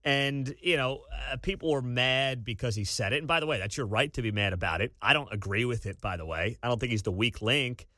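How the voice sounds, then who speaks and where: A man hosting a college sports talk radio show, ranting with incredulous energy and bursts of shouting. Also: mid-range voice, brisk, few pauses, dry recording, studio quality. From Kansas City area. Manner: animated, incredulous rants with sudden shouting.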